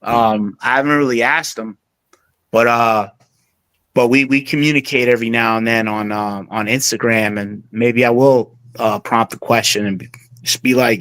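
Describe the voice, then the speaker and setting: Brief: casual male guest, medium pitch, loose rambling chat, dry close mic. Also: fairly even intonation, moderate pace, fairly bright tone, dry recording. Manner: rambling, many fillers and restarts. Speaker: interview guest, music producer.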